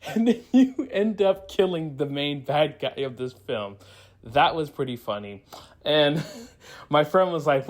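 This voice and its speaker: A man's voice: fairly high pitch, big pitch swings, measured pace. A man giving a casual spoiler review of a movie, rambling through the plot with frequent restarts and acting out quoted lines. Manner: laughs and acts out quoted lines.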